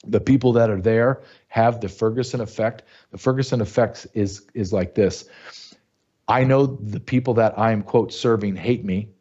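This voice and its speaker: A man's voice: lowish voice, dark tone. A middle-aged man hosting an opinion show, talking bluntly and emphatically and firing off rhetorical questions. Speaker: show host. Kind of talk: opinion commentary. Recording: dull lo-fi sound.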